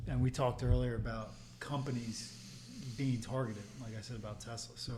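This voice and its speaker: A man's voice: medium pitch, steady tone, normal speed, darkish tone, slight background noise. A man co-hosting a podcast, explaining step by step in casual chat. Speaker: podcast co-host.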